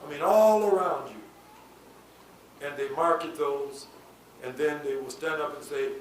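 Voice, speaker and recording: High-voiced preacher man shouting in an echoey hall. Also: slow pace, pauses often. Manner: swings from low asides to shouted, sing-song climaxes. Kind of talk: sermon. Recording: echoey hall from far off with faint noise.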